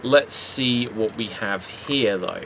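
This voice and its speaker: A man's voice: fairly low pitch, slow pace, gravelly, a bit bright, a little hiss or hum. A British man hosting a live improv comedy stream, chatty and upbeat, laughing often. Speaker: improv show host.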